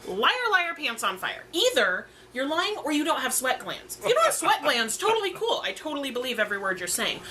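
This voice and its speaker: A woman co-hosting a casual chat over drinks, talking in an animated, sarcastic, ranting way. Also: high-pitched, fast talker, hardly any pauses, slight background noise. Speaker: co-host.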